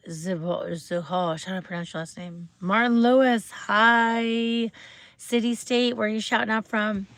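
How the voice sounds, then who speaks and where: A woman's voice: a little high, fairly bright tone, no room sound. A woman hosting a casual livestream, chatting bubbly and rambling with viewers, greeting them and asking questions. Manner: rambling, with many fillers and restarts. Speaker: livestream host.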